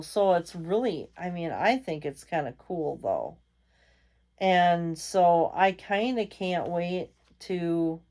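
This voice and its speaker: A woman's voice: fairly low pitch, darkish tone, smooth. A tired woman chatting casually as a vlog host, rambling with many fillers. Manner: reads out magazine lines. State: tired, yawning. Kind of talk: casual chat.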